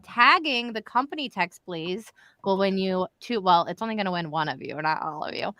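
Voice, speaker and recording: Woman, livestream host, chatty, bright voice, dry sound. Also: mid-range voice, normal speed, dry recording. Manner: chatty, animated, direct to viewers. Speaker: live show host. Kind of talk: casual livestream chat.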